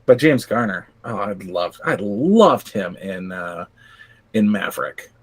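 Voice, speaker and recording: A man in a loose, casual chat whose pitch swings widely as he talks. He rambles with frequent ums and uhs, drops crude jokes and laughs at his own lines. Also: sing-song, slow pace, breathy edge. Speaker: podcast co-host.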